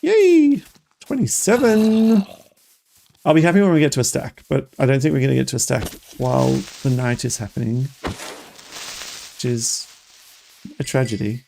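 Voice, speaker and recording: A streamer giving excitable, chatty live gameplay commentary and talking straight to the viewers. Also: mid-range voice, normal speed, vocal fry, pauses often, slight background noise.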